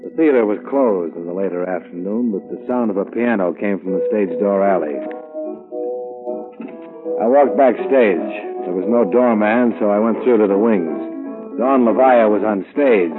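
A man playing a hardboiled, low-voiced investigator. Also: moderate pace, music in the background, natural voice. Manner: dry, clipped hardboiled narration. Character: cool hardboiled male insurance investigator. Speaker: insurance investigator and narrator. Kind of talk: 1950s radio drama narration. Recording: tinny old radio broadcast.

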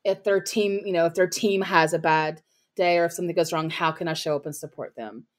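A woman's voice: fairly low pitch, brisk. A woman speaking as a podcast guest about her copywriting work, in casual interview talk full of "like" and "you know". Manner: chatty, heavy use of "like" and "you know" fillers.

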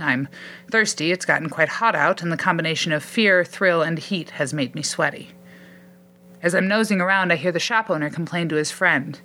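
Low-voiced woman reading a tense story. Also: sharp tone. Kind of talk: first-person story reading.

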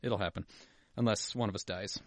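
A podcast co-host with a lowish voice speaks briskly in a steady tone, with no room sound. Reading listener emails in casual banter, he jokes and swears, sometimes dropping into a mutter.

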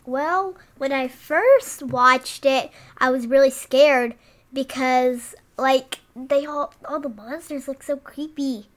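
High-voiced chatty young woman. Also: slow. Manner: chatty, strings thoughts with "and then". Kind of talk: casual movie chat.

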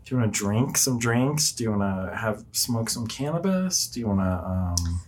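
A man co-hosting a podcast from home, chatting in a relaxed, rambling way that trails off into fillers. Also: fairly low pitch, moderate pace. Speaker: podcast co-host. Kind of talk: casual chat.

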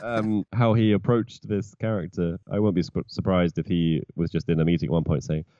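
A lowish, mellow-voiced man rambling through a casual podcast chat and laughing at his own jokes. His voice swings widely as he talks, and his audio sounds dull and lo-fi. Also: fairly even intonation, a little fast, no room sound. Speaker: podcast co-host.

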